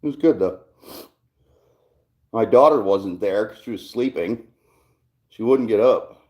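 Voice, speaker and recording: Male streamer, lowish voice, loose and rambling, swears a lot, casual chat from a garage. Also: a little slow, highs cut off. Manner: rambling, laid-back, swears often. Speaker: livestream host.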